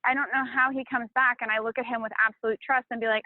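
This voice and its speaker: A woman's voice: fairly high pitch, level tone, fast talker, no room sound. A woman talking emotionally and casually, swearing and rambling about a painful breakup. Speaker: channel host. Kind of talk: emotional confessional chat. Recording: tinny phone-like line, dry.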